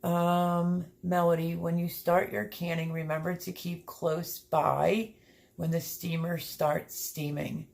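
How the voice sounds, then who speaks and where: A woman's voice: lowish voice, level tone, takes it slowly, creaky, darkish tone. A middle-aged woman hosting a homestead livestream, reading viewer comments aloud in a chatty, heartfelt way from her home. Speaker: homesteading channel host reading live chat. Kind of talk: casual livestream chat. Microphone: streaming setup.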